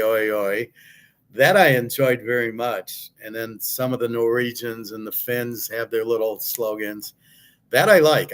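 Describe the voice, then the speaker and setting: Blunt, rambling American man host. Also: medium pitch. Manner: blunt, opinionated, rambling with many fillers. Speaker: sports betting handicapper and host. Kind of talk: casual monologue answering a viewer question.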